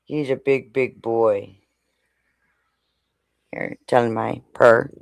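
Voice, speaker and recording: A woman's voice: extremely low pitch, fairly even intonation, slow, gravelly, darkish tone, dry recording. A woman in casual chat on a stream, chatty and stopping to coo at her pets. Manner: chatty, coos and talks to her pets while speaking. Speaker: co-host.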